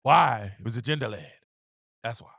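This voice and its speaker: A man's voice: sits high, big pitch swings, brisk, pushed and bright, dry recording, studio quality. A man hosting his own show, giving opinionated casual commentary, repeating phrases for emphasis and acting out quotes. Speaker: podcast host.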